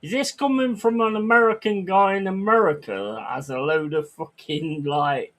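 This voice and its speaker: A man's voice: high-pitched, normal speed, fairly bright tone. A man chatting on a livestream, reading chat aloud and ranting crudely with lots of swearing.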